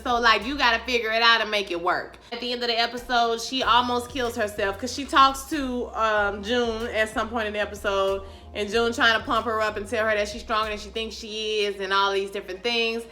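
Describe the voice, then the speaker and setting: This lively TV recap vlogger has a bright, fairly high voice and talks briskly over faint background music. She's animated, acting out characters' lines with loud outbursts, and her casual, slangy chat addresses viewers as y'all.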